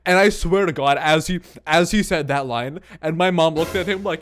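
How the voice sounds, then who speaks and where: A young man telling a comic story from his childhood, animated and sweary, with lots of exaggeration. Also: on the high side, a little fast.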